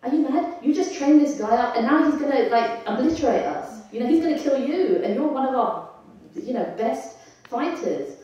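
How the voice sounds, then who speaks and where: A woman's voice: high voice, animated, moderate pace, warm tone, muffled recording, voice pushed up. A woman voicing a sarcastic, arrogant young prince who mockingly scolds his teacher, in an echoey hall with her voice coming from far off. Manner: mocking, exasperated.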